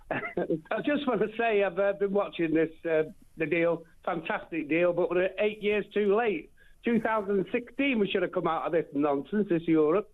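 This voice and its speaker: Male phone-in caller, high voice, indignant, tinny phone line. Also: expressive, normal speed. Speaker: radio caller. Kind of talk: phone-in call.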